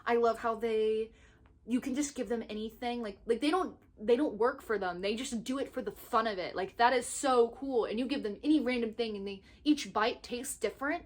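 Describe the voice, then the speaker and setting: A young woman rambling excitedly in a casual book review vlog, recorded on her phone. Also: fairly high pitch. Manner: excitable, gushing, talks in quick bursts with restarts. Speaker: book vlogger. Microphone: phone microphone.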